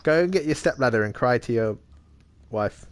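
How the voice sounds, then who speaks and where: A man's voice: mid-range voice, animated, moderate pace. A young man chatting casually while gaming, swearing and teasing his friends. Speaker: gamer.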